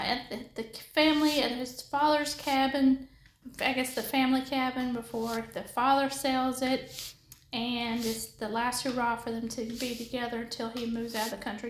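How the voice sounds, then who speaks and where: Woman vlogger, fairly high voice, chatty and rambling, echoey room with faint hiss. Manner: rambling, many fillers and restarts. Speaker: craft and book vlogger. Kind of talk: casual chat while crafting.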